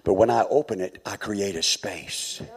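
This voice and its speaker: A man preaching a sermon as pastor, swinging from quiet, low passages to high, shouted calls. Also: moderate pace, gravelly.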